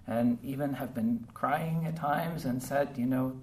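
A man preaching a heartfelt, conversational sermon to his congregation, pausing often with fillers. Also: mid-range voice, darkish tone. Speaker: pastor. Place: church service. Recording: distant mic with faint background noise.

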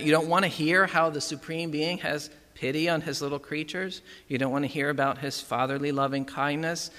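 A man's voice: a little high, sharp tone. A man preaching a sermon in a conversational way, often checking in with "right?" and "okay". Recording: long hall reverb.

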